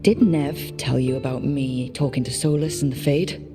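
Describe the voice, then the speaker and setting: A woman's voice: rumbling low, steady tone, moderate pace, dark tone, soft background music. An actress with a Geordie accent playing a young woman who leads a team in a video game, speaking steadily and matter-of-factly.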